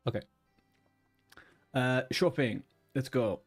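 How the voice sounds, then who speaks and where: A man's voice: mid-range voice, takes it slowly, faint music behind. Joking man streaming a game. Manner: joking, rambling, reads game text aloud. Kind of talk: casual gameplay chat.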